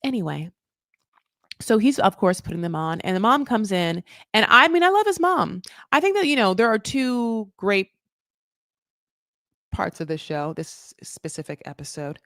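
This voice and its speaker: A woman hosting a casual recap chat, rambling through tangents and correcting herself, with sudden jumps up in pitch. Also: sing-song, normal speed, a bit bright, dry recording, studio quality. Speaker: recap show host.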